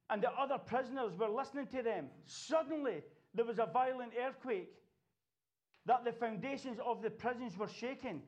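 A man's voice: very high-pitched, normal speed, darkish tone, highs cut off. A man preaching a sermon, passionate and exhorting, breaking into laughter now and then.

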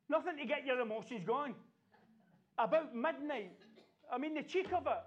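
A man's voice: extremely high pitch, highs cut off. A man preaching a sermon, passionate and exhorting, breaking into laughter now and then.

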